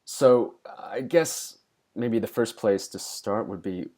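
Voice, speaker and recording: Low-voiced male host asking questions. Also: slow pace, a little mellow. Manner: attentive, frequent short affirmations. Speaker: podcast host. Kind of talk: interview questions.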